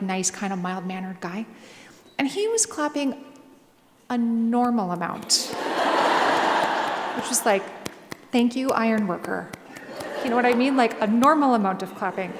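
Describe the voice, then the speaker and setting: Woman guest speaker, animated casual storytelling, higher voice, echoey hall. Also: background noise. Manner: chatty and animated, with many fillers. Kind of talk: casual storytelling talk before a live audience. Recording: echoey hall, faint ambience.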